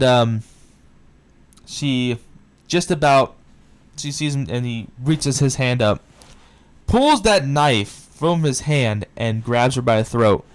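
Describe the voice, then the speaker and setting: Excitable man recapping a movie, smooth voice. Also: mid-range voice. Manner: excitable retelling, swears often. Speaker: movie reviewer. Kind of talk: casual film review recap.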